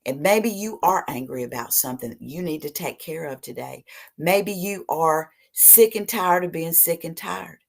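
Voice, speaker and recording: A woman with a low voice gives an earnest motivational talk about recovery. She reads short passages aloud, then preaches on them, sometimes pushing hard and sometimes dropping to near-whispers. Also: moderate pace, gravelly. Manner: earnest, preachy, animated with sudden soft drops. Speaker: recovery speaker.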